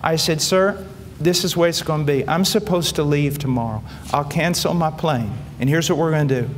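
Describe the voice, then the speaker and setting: A man preaching, telling a story and quoting others in lively acted voices. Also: on the high side, a little fast. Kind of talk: sermon storytelling. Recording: hall reverb, faint background noise.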